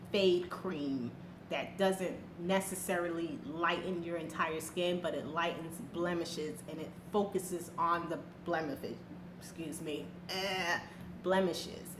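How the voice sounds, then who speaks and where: A woman's voice: fairly low pitch, steady tone, a little slow. A woman vlogger chats candidly through a product review, loose and slangy, with plenty of fillers. Her voice carries the echo of a roomy space. A faint background hiss runs underneath. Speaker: beauty vlogger. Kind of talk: casual product review vlog. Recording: echoey room with faint ambience.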